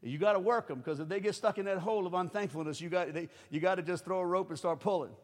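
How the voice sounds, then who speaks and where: A man preaching a sermon as pastor, animated, acting out quoted voices and rising to shouts. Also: high voice, fast. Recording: long hall reverb.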